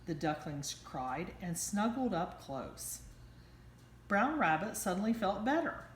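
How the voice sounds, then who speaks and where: A woman teacher reading a bedtime story aloud in a slow, expressive storytelling manner. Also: lowish voice, a little hiss or hum. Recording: roomy echo.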